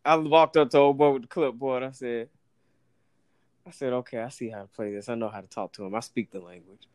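A man with a mid-range, clean voice talks a little fast, with no room sound. He tells a casual, animated story, acting out the voices of the people in it and laughing often.

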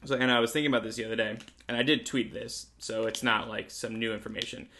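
A young man from Connecticut hosting a casual chat, rambling, restarting sentences, and filling every pause with "like". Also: fairly low pitch, flat delivery, vocal fry, sharp tone, slight background noise. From Connecticut, USA. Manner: rambling, many "like" fillers, restarts. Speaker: podcast host.

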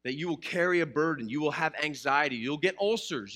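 A man's voice: a little high, animated, a little fast, sharp tone. A man preaching a sermon to a live congregation in a church, mixing scripture with jokes and questions to the listeners. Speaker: pastor.

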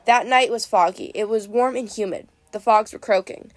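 A woman narrating a first-person story in a wry, lively way. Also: mid-range voice, normal speed, no echo. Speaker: audiobook narrator.

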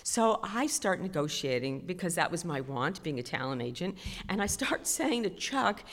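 A middle-aged woman doing stand-up storytelling, self-deprecating and animated, with sudden loud outbursts. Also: lowish voice, moderate pace, big-room sound. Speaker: stand-up comedian.

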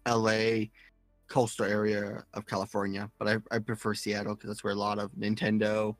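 A man co-hosting a podcast, reading listener comments aloud in a casual, halting way. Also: fairly low pitch, monotone, no room sound, soft background music. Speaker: podcast co-host. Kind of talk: casual chat.

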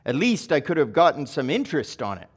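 A man's voice: mid-range voice, lively intonation, unhurried, lightly acted. A man reading aloud the words of a stern, demanding king from a parable. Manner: reads the king's words aloud with stern emphasis.

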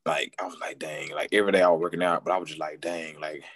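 A man's voice: deep voice, fairly even intonation, rapid-fire, dry recording. A man in his twenties, a guest casually telling a story in a slangy, repetitive way and quoting what people said. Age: 20s. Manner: slangy, repeats himself, quotes people.

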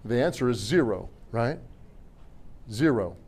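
A middle-aged man preaching a sermon as pastor in a church, animated and joking with the congregation between scripture readings. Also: medium pitch, measured pace, slightly rough. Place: church sanctuary.

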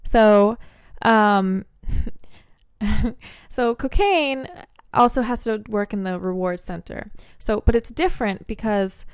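A woman chatting casually on a podcast, explaining ideas in a rambling way and often restarting her sentences to correct herself. Her voice has a middling pitch and sits dry and close, with no room sound around it. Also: takes it slowly, clear, resonant tone, no echo. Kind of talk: casual chat.

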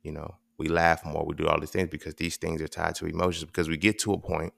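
Deep gravelly man musing on a podcast. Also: little pitch movement, fast. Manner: loose, profane, rambling with restarts and "right?" check-ins. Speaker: podcast host. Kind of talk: casual monologue.

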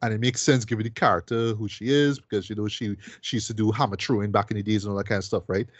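A man's voice: fairly low pitch, steady tone, fast, no echo. A man casually reviewing a film, rambling with repeated words and fillers and tacking "boy" and "right?" onto his sentences. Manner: peppers speech with "boy" and "right?". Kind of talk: casual podcast chat.

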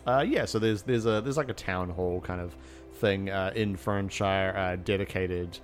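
A man narrating as game master in a tabletop game, halting and full of fillers. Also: sits low, soft background music.

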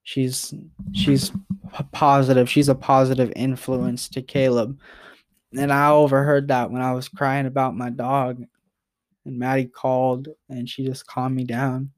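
A man's voice: mid-range voice, level tone, a little slow, a little mellow. A young man talking straight to the camera in a personal vlog message. He rambles and halts, repeats himself, and sounds close to tears. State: emotional, near tears.

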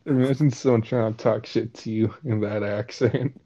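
A man's voice: medium pitch, fairly even intonation, moderate pace, warm tone, a little hiss or hum. An American man in casual chat, cracking crude, blunt jokes and swearing freely. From United States. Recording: dull lo-fi audio.

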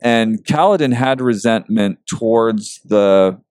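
A man talking a book over in casual chat, earnest and emotional, pausing with fillers. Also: lowish voice, darkish tone, no room sound, studio quality.

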